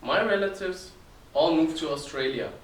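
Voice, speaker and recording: Guy doing a loud russian-accent dad, higher pitched, echoey and far off. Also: expressive, normal speed, a little hiss or hum, natural voice. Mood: emphatic. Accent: heavy Russian. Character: Russian-accented father, loud and matter-of-fact. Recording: roomy, distant mic.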